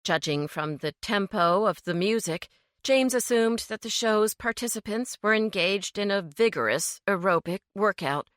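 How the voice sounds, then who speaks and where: A woman narrating a mystery audiobook with expressive storytelling. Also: medium pitch, moderate pace, no echo, clean studio sound. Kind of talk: scripted narration.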